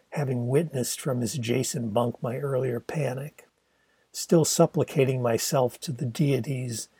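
An older man narrating his own autobiographical novel as a steady, reflective audiobook reading. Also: medium pitch, breathy edge, no echo.

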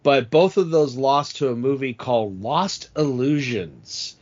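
A man's voice: medium pitch, lively intonation, unhurried, a little mellow. Joking man on a lo-fi podcast. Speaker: podcast host. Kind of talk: casual comedic film chat.

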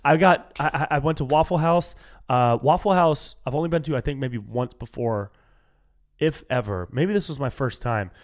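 A young man from California hosting a solo comedy podcast, riffing in an animated, incredulous way and saying "dude" a lot. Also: medium pitch, moderate pace.

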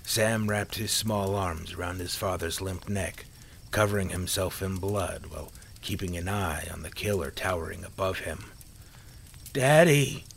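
A man narrating a story in a calm, measured reading voice. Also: low voice, creaky, slight background noise.

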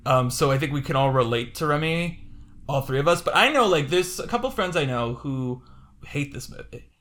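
A man with a fairly high, bright and forceful voice, co-hosting a casual film podcast. He talks in a quick, animated way, laughs often and breaks off to restart his thoughts. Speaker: podcast co-host.

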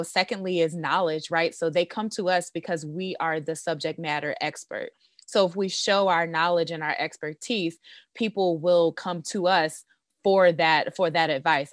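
A woman's voice: low voice, no echo, studio quality. A woman, a beauty business owner and coach, talking confidently in a podcast interview with many "you know"s. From United States. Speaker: esthetician and business coach guest.

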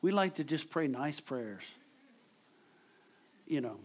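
A man's voice: a little high, lively intonation, slow pace, a little mellow. A man preaching a sermon in a conversational way, repeating words as he drives home his points.

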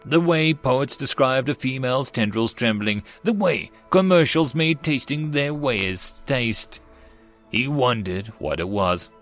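A man's voice: mid-range voice, a little slow, soft background music. Man narrating a sci-fi audiobook. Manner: steady storytelling read. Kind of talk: scripted narration.

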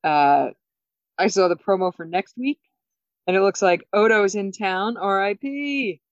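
A woman's voice: medium pitch, measured pace, dry recording. Laughing woman recapping an episode. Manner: animated, laughs often, acts out lines. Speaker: podcast co-host. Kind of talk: casual episode recap chat. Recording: dull, dry sound.

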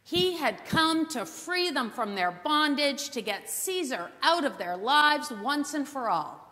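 A woman's high, clear voice preaches unhurriedly, telling the story with dramatic pauses. Her bright tone rings out under a long hall reverb. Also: sing-song. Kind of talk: Bible teaching sermon.

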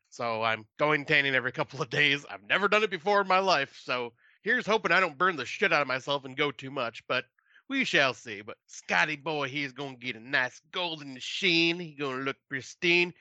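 A man's voice: fairly high pitch, sharp tone, no echo. A man from Michigan co-hosting a podcast, joking and mocking himself in casual banter. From Michigan, USA. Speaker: podcast co-host. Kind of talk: casual chat.

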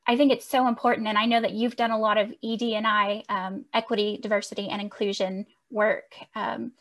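A woman hosting a podcast interview, speaking in a thoughtful, measured way as she leads into her questions. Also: mid-range voice, level tone, fairly bright tone. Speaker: podcast host.

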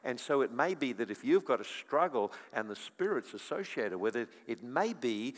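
A middle-aged man preaching a sermon, telling stories and swinging from quiet to loud. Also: medium pitch, very animated, normal speed. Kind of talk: sermon with storytelling. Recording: long echo of a large hall.

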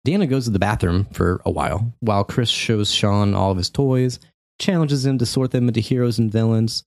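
Animated man recapping a game. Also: lowish voice, a little fast, no echo, clean studio sound. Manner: animated storytelling, laughs often. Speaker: podcast co-host recapping a video game. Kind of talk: casual chat.

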